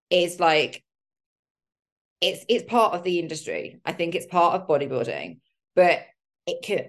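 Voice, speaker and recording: A woman chatting on her own podcast in a low, grounded voice. She talks loosely and openly, with plenty of "like"s and the odd mild swear word, recorded close on a home mic. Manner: candid and chatty, with mild swearing and lots of fillers. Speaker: podcast host. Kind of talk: casual solo podcast chat.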